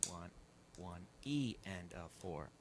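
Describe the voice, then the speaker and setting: A man's voice: low-pitched, animated, slow, noisy background. Eager male host repeating drum counts. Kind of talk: casual chat.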